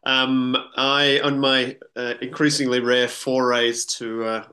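A man's voice: mid-range voice, flat delivery, slow pace, sharp tone. A man, co-hosting a podcast in casual, rambling chat with many fillers. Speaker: podcast co-host.

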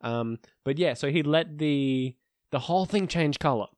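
A young man co-hosting a podcast, telling drinking stories in a casual, animated way, laughing and acting out his friends' lines. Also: fairly high pitch, moderate pace, dry recording. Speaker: podcast co-host. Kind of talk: casual storytelling chat.

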